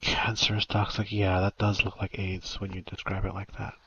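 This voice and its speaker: Low-voiced man, raspy texture, blunt provocative chatter, muffled lo-fi recording. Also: monotone, moderate pace, pushed and bright, slight background noise. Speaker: online game player. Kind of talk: casual voice chat.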